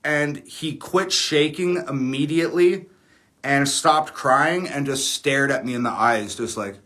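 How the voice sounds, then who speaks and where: A man's voice: medium pitch, a little slow, a bit bright. A man chatting casually on a livestream, rambling and candid with frequent fillers and the odd curse word. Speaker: livestream host.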